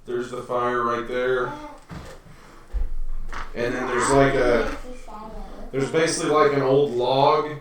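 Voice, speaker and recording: A man's voice: mid-range voice, level tone, slow pace, pauses often, fairly bright tone. A man narrating a tabletop game as game master for his children, rambling with lots of fillers and restarts. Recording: echoey room from far off.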